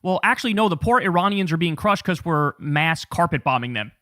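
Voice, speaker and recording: High, bright-voiced man ranting profanely. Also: expressive, a little fast, no room sound, studio quality. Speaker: political commentary host. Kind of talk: angry political commentary.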